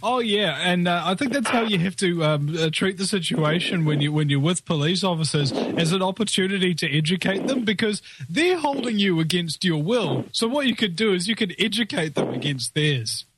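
A man's voice: sits high, expressive, moderate pace, hardly any pauses, noisy background. A man hosting a radio talk show, chatting casually in a rambling, joking way with many fillers.

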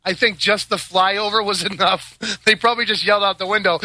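A podcast host runs a casual talk show, telling stories with sarcastic asides and frequent laughs. He talks fast in a high, bright, forceful voice, and the recording is dry.

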